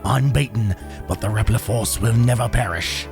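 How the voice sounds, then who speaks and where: A man's voice: lowish voice, moderate pace, creaky, pitched below the performer's own voice. Guy doing a grand british robot general voice, stern and pompous, game music going behind. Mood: defiant. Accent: put-on British. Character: stern male military reploid general, grand and defiant.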